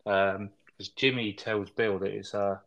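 Low-voiced man recapping a film. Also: fairly even intonation, a little slow, vocal fry, a bit bright, muffled recording. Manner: rambling recaps with fillers and tag questions. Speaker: film review podcast co-host. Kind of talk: casual sweary film chat.

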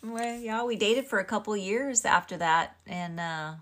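A woman's voice: medium pitch, unhurried, fairly bright tone. A middle-aged woman co-hosting a podcast in casual conversation. She is bubbly, jumps in with her side of the story, and laughs freely. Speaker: podcast co-host.

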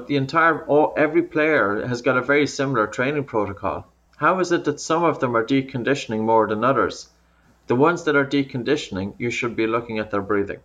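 A man speaks in a medium, everyday pitch, patiently explaining things step by step. He often restarts and repeats words as he goes. His voice comes through remote call audio. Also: a bit bright, highs cut off. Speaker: breathing coach. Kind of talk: interview, explaining.

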